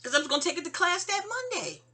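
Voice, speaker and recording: With a very high, very animated voice, pushed and bright, a middle-aged woman talks fast. A vlogger with a New York accent, she rambles through a personal memoir tale, veering into digressions full of fillers and restarts.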